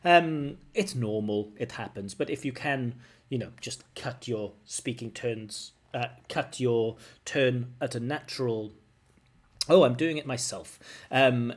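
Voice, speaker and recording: A man with a mid-range voice, speaking a little slowly, gives frank, corrective feedback as a language examiner, picking apart a recorded answer line by line. To show intonation, he hums the rhythm of sentences.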